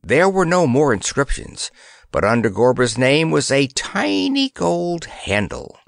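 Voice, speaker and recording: A man's voice: medium pitch, sing-song, measured pace, creaky, no room sound, clean studio sound. A man reading a children's fantasy story aloud as an audiobook narrator, telling it expressively.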